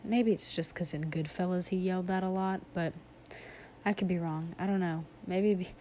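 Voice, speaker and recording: A woman's voice: on the low side, fairly even intonation, moderate pace, warm tone, slight background noise. A young adult woman hosting a podcast, rambling from topic to topic in a self-deprecating comedic monologue with giggly asides. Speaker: podcast host.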